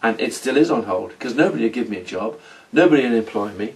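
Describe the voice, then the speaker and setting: A middle-aged man telling his story in a rambling, halting role-play monologue. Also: medium pitch, lively intonation, distant mic. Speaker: former oil company manager in a role-play.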